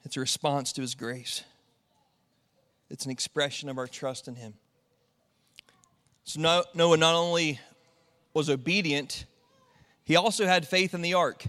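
A man's voice: fairly high pitch, sharp tone, big-room sound. A man preaching a sermon in a casual, conversational way, full of fillers and asides. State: tearful, sniffling. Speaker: pastor.

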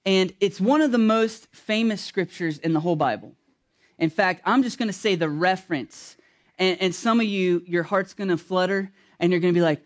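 A man with a notably high voice preaching a sermon. He keeps it casual and jokey, asks the congregation questions, and slows right down to hammer home key phrases. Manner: casual, joking, addresses congregation directly; slow, emphatic when stressing key words. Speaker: pastor.

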